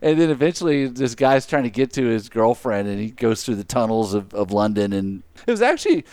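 A man's voice: lowish voice, very animated, fairly quick, darkish tone, no echo. A man in casual chat, matter-of-fact and teasing.

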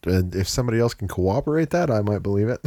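A man in his forties co-hosting a podcast, talking in an easygoing, relaxed way and laughing at his own stories. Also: on the low side, fast talker, no room sound, clean studio sound. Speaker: podcast co-host. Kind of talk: casual chat.

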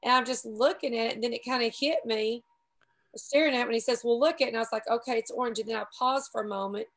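A woman's voice: a little high, a bit bright, poor audio. A middle-aged woman, rambling through a story in casual group chat and poking fun at herself. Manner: chatty, rambling, quick to laugh at herself. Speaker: paramotor pilot telling a story.

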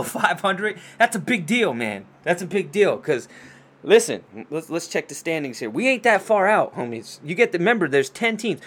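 A man hosting a casual sports show, talking fast and loose with lots of swearing and trash talk. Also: fairly high pitch. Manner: profane, excitable trash talk.

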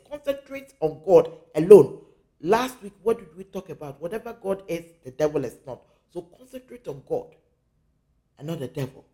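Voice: medium pitch, mellow. A spiritual teacher from Africa giving an earnest teaching talk, repeating key phrases for emphasis.

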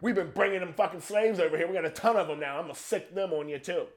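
A man doing a raging foul-mouthed settler. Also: fairly quick. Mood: furious ranting. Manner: ranting, profane, higher-pitched. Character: furious foul-mouthed male colonist settler.

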